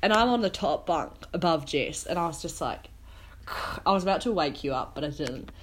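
A woman's voice: low voice, expressive, normal speed, a little hiss or hum. A young woman co-hosting a podcast, telling a travel story in casual chat, acting out her own lines with lots of "like". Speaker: podcast co-host.

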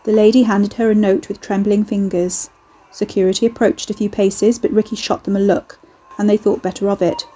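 A woman reading a novel aloud in steady scripted narration. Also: mid-range voice, fairly quick, poor audio. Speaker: audiobook narrator.

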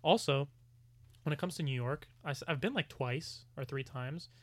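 A man's voice: fairly high pitch, moderate pace, no echo. A young adult man co-hosting a podcast, rambling casually with lots of fillers and frequent swearing. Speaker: podcast co-host. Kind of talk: casual chat.

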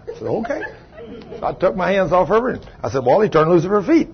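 Husky preacher telling a story. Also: male voice, sing-song, fast talker, highs cut off. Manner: swings from low quiet telling to loud raised retelling. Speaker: pastor. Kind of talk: sermon storytelling. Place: church sanctuary.

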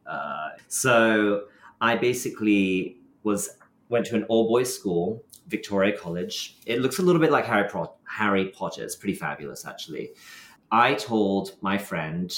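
A young Scottish man telling a story in casual conversation, expressive and self-mocking, acting out quoted lines. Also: fairly low pitch, echoey room. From Scotland. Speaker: guest.

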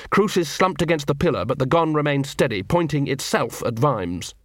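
A man reading a novel aloud as an audiobook narrator, in a measured, dramatic storytelling manner. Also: on the high side, animated, dry recording, studio quality. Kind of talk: scripted narration.

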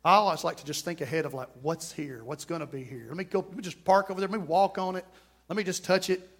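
A man preaching a sermon to his congregation in church, fervent and conversational. He swings from quiet joking asides to loud exclamations. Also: fairly high pitch, fairly even intonation, fast talker. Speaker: pastor.

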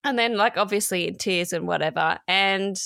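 A woman's voice: mid-range voice, moderate pace, vocal fry, a bit bright, dry recording, clean studio sound. A woman, co-hosting a podcast and telling a personal story frankly and emotionally, with casual swearing. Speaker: podcast co-host. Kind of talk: candid podcast chat.

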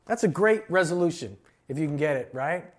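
A male pastor preaching a sermon, emphatic and slowing down to stress key phrases. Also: fairly high pitch, expressive.

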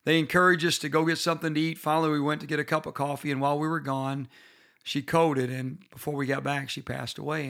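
A middle-aged pastor with a bright, forceful voice pitched a little high for a man. He teaches leaders from scripture in an earnest, personal way. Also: little pitch movement, quick pace, gravelly. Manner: earnest storytelling, personal and emphatic. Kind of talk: bible-based leadership teaching.

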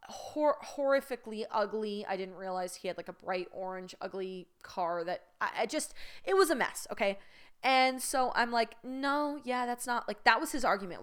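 Woman, young adult, podcast host, candid storytelling, smooth clear voice, medium pitch. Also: fairly bright tone. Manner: frank, exasperated, self-mocking.

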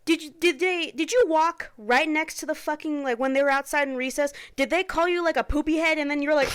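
A woman's voice: sits high, a little fast, few pauses. A woman co-hosting a podcast in casual chat, angry and emotional, swearing and near tears. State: crying. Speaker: podcast co-host.

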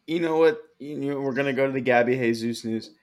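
A man's voice: medium pitch, fast, a little mellow. A man co-hosting a casual podcast, teasing his friends about their club's spending and swearing freely. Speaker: podcast co-host. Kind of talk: casual banter among friends.

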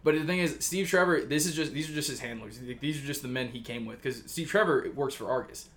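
Dude on a podcast rambling thru a story, swearing constantly, tons of "like"s. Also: male voice, mid-range voice, fast talker, a crowd in the background. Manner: rambling, swears a lot, many fillers. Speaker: podcast co-host pitching a story. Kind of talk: casual chat, retelling a story.

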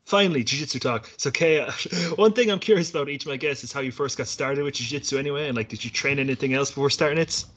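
A man's voice: mid-range voice, fast, hardly any pauses, fairly bright tone, a little hiss or hum. A man hosting a podcast in casual chat, joking and swearing freely. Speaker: podcast host.

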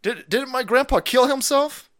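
This streamer has a very high-pitched, slightly bright voice and speaks at a normal speed. He's on a livestream ranting about politics, mocking and cursing constantly.

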